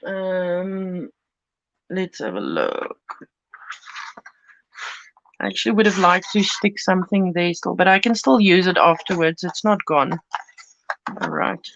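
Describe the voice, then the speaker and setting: Her voice is lowish, gravelly and a bit bright, with lively intonation, a slow pace and long pauses, and there's no room sound. She hosts a craft channel, chatting and giggling through a live-stream tutorial from her home studio as she cuts paper. The audio is dry and dull lo-fi.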